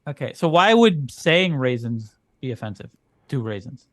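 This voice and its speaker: A man's voice: medium pitch, animated, normal speed, fairly bright tone, dry recording. A man co-hosting a casual comedy podcast, playing the wry, skeptical straight man. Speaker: podcast co-host.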